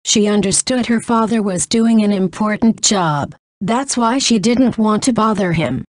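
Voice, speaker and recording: A woman narrating a novel in a flat reading that says punctuation aloud. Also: medium pitch, a little slow, no room sound, studio quality.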